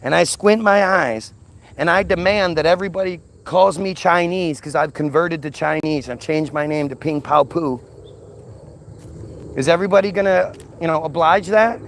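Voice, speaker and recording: A man's voice: fairly high pitch, moderate pace, gravelly, a little hiss or hum. A man ranting in an unscripted monologue, agitated, often repeating and restarting words. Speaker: commentator.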